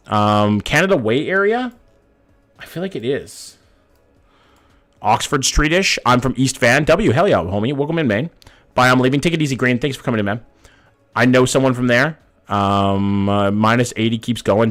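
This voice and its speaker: A young man live-streaming a map-guessing game, greeting chat and thinking aloud in a casual, slangy way that trails into low mutters while he works something out. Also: fairly bright tone. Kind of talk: live-streamed gameplay commentary reading chat.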